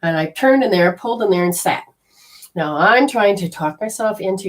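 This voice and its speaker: A woman, a spiritual teacher, telling a personal story in a lively way, acting out her own lines and swinging from loud outbursts to soft murmurs. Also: medium pitch, measured pace. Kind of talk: storytelling talk.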